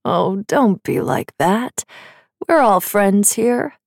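A woman reading the part of a glib, charming young male fae storyteller with a smooth, coaxing way of talking. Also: sits high, expressive, takes it slowly, dry recording, studio quality, full character voice.

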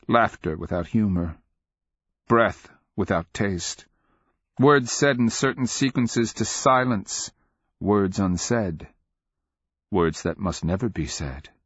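A man narrating a dark fantasy novel in a measured, expressive storytelling manner. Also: on the low side, dry recording. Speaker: audiobook narrator. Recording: dull, dry lo-fi recording.

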